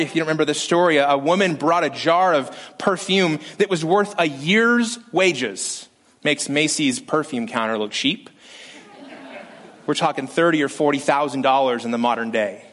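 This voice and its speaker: A male pastor preaching a sermon, animated and lively, acting out quotes from scripture with shifts in pitch.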